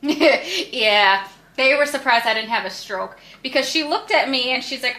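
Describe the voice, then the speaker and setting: A young woman co-hosting a podcast tells a blunt, casual story, swearing freely and acting out the voices of the people she quotes. Her voice is a little high and sharp-toned at a moderate pace, with a roomy sound.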